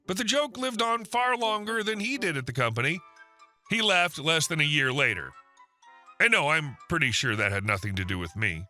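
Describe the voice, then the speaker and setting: Bright, lively male story narrator. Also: fairly high pitch. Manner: wry, deadpan asides.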